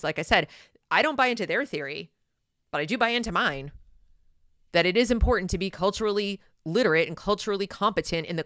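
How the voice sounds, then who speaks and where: An opinionated woman delivering a sarcastic commentary monologue. Her voice sits low but cuts bright and forceful. The recording is dry and close, with no room sound. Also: no room sound. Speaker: channel host.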